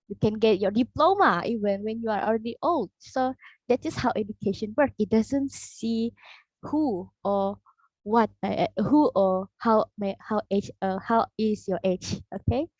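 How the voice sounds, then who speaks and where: Halting woman speaker, dull dry audio. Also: a little high, darkish tone, no room sound. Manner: halting, searching for words. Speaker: guest speaker. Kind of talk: closing a presentation.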